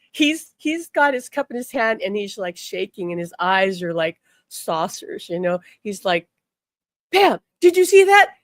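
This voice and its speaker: On a live stream, an older woman who works as a spiritual healer and angel teacher shares a personal story. Her pitch is fairly high and the recording dry, and she talks in a chatty, animated way, repeating words and often saying "like."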